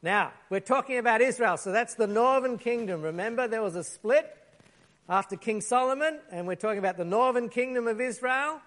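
A high-pitched man preaching a lively sermon. He tells a Bible story with energy, acts out the quotes and picks up props as he goes. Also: a little fast.

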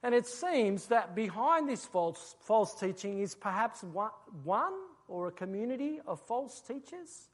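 Aussie preacher walking thru a bible passage, mid pitch, keeps asking the room questions. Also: lively intonation, unhurried, hardly any pauses. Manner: explanatory, asks rhetorical questions. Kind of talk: expository sermon.

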